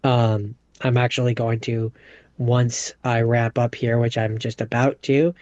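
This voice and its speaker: A man co-hosting a podcast, reading out film facts haltingly with many fillers. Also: medium pitch, level tone, darkish tone, highs cut off. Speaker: podcast co-host. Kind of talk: casual movie chat.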